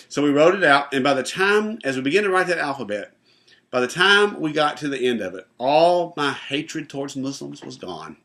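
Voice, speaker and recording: A man, a pastor, telling a personal testimony in an animated way and acting out the voices in his story. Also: on the high side, a little fast.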